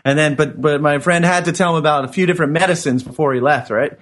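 A man's voice: fairly high pitch, fast talker, a bit bright. A man co-hosting a spiritual talk show, telling a long story with lots of affirming yeses. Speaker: co-host.

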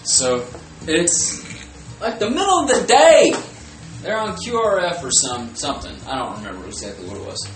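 A man's voice: a little high, huge pitch swings, normal speed. A young man co-hosting a podcast, talking bluntly and profanely with lots of filler words. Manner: blunt, profane, loose filler-heavy talk. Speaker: podcast co-host. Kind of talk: casual chat. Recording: echoey room with faint music.

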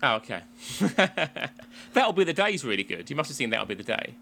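A man's voice: mid-range voice, very animated, normal speed, gravelly, pushed and bright. A man from England co-hosting a casual chat podcast, rambling with restarts and frequent laughs. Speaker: podcast co-host.

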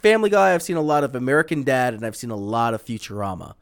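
A man's voice: medium pitch, fast talker, creaky, clear, resonant tone, no echo, clean studio sound. A man hosting a casual podcast, talking in a blunt, profane way. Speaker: podcast host.

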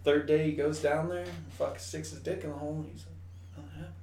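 A man's voice: on the high side, little pitch movement, brisk, creaky, darkish tone. A man telling a long crude joke on a podcast, swearing freely. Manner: storytelling joke teller, profane. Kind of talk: crude casual chat. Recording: roomy, distant mic, faint noise.

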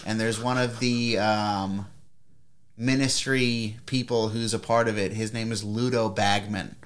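Podcast co-host, male, lowish voice, dry and blunt, quick to dismiss. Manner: blunt and sardonic, with flat put-downs. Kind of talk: casual chat.

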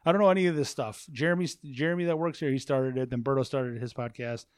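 Chatty male guest, mid-pitched, rambling and profane; dry room sound. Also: fairly even intonation, fast talker, clean tone, no echo. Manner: rambling storyteller, swears, repeats himself. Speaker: podcast guest, warehouse manager. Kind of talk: casual chat. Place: office at a work facility.

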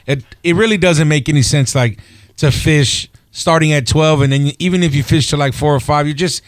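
A man's voice: a little high, fairly quick, no room sound, clean studio sound. A man hosting a casual fishing talk show on the radio, telling stories with lots of energy and frequent laughs. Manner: animated storyteller, laughs often. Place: radio studio.

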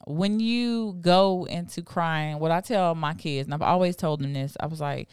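Mom co-hosting a podcast, goes off on rants, smooth voice, dry close mic. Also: female voice, deep voice, normal speed, hardly any pauses, no echo. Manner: animated ranting, swears, laughs often. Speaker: podcast co-host. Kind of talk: casual chat.

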